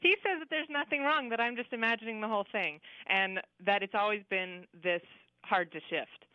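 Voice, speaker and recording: A woman's voice: mid-range voice, moderate pace, no echo. A woman from Arkansas calling into a radio show, chipper and giggly as she explains a car problem. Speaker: caller. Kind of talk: phone-in caller describing a car problem. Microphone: phone line. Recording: slightly dull phone-line audio.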